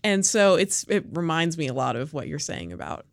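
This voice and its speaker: A woman's voice: deep voice, sing-song, normal speed, dry recording, clean studio sound. A woman co-hosting a podcast in casual chat, talking loosely with lots of filler words. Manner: chatty, full of "like" fillers. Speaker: podcast co-host.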